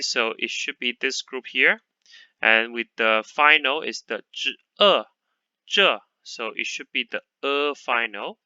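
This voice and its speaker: A man teaching a Chinese pronunciation lesson, patiently repeating sounds slowly for learners. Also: mid-range voice, pushed and bright, clear, resonant tone, dry recording, dull audio. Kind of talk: online language lesson.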